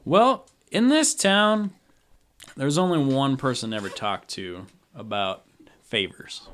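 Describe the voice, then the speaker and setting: A man's voice: mid-range voice, expressive, slow, fairly bright tone. A man narrating a tabletop game as game master, rambling casually and laughing often.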